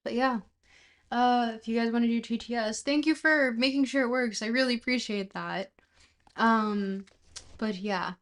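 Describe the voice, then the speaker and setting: A woman's voice: a little high, normal speed. A woman streamer chatting casually with viewers, talking in loose bits that trail off and restart, and laughing at herself. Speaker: livestreamer reading a book aloud. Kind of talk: casual livestream chat.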